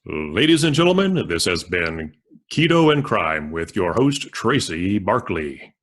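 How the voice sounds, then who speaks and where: A man putting on the voice of a boxing ring announcer, loud and drawn out. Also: low-pitched, sing-song, a little slow, full character voice. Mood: showy.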